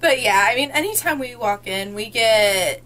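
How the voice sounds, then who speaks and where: A young woman from Indiana hosts a casual book chat with friends, bubbly and quick to laugh. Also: a little high, slight background noise, poor audio. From North Central Indiana, US. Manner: bubbly, excitable, laughs often. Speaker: book vlogger hosting a book tag.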